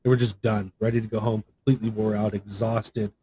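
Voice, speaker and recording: A man's voice: on the low side, flat delivery, brisk, mellow, a little hiss or hum. Man rambling through a personal story. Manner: rambling, conversational, with many fillers and restarts; voice rises sharply when reenacting others. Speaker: podcast guest, gaming content creator. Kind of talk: casual storytelling.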